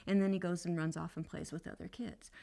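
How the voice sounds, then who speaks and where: A woman's voice: on the low side, steady tone, fairly quick, vocal fry, dark tone. A woman parenting educator telling a playground anecdote in a conversational way, with casual fillers. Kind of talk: teaching through a spoken anecdote.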